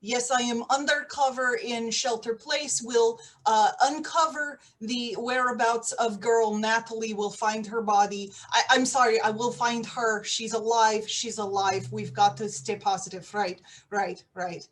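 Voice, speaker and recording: A woman's voice: fairly high pitch, fairly even intonation, unhurried, few pauses, close to an everyday voice. A woman playing a bumbling female Russian undercover agent with a put-on Russian accent, speaking broken English in flustered, self-correcting bursts for improvised comedy.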